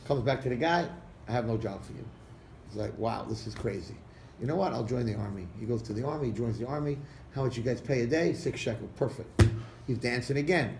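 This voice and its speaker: Animated storytelling rabbi, echoey hall. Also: male voice, mid-range voice. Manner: animated storyteller acting out characters' lines. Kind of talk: storytelling talk to an audience. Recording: echoey room recording with faint background noise.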